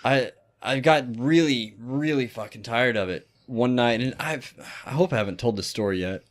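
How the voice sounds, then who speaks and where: A man's voice: mid-range voice, moderate pace. A man co-hosting a podcast, telling a story in a casual, profane way and laughing often. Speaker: podcast co-host.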